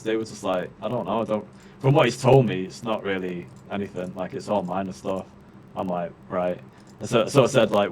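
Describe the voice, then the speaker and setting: A man's voice: on the low side, darkish tone, a little hiss or hum. A man streaming live, venting in a casual rant full of fillers and swearing. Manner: swears a lot, ranting with many fillers. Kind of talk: casual chat.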